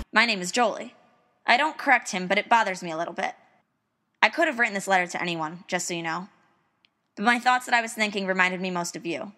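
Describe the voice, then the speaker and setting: A young woman, a student, narrating a personal letter in an earnest, musing, wistful way. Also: medium pitch.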